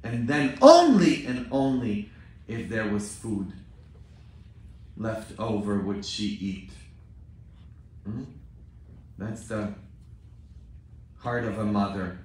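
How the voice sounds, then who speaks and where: Male priest, slow measured preaching, distant mic in a very echoey church. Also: on the low side, sing-song, darkish tone. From Poland. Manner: storytelling, with frequent questioning "hmm?" asides to the congregation. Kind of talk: sermon. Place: large church.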